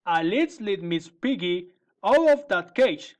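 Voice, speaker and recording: A man's voice: sits high, expressive, takes it slowly. A man voicing a polite, upset young boy. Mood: pleading.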